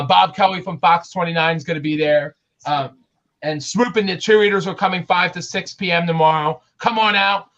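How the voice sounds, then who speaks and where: A man who is a guest on a podcast, talking earnestly about an event with lots of pauses. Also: sits high, pushed and bright. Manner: earnest, promotional, many "um" pauses. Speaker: guest, autism advocate. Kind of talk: casual interview chat. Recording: dull lo-fi sound.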